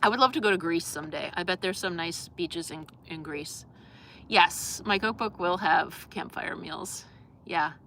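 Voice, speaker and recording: A woman's voice: lowish voice, a little slow, vocal fry, fairly bright tone, a little hiss or hum. A young adult woman hosting a casual live stream, chatting in a rambling way with lots of fillers and reading out viewer comments.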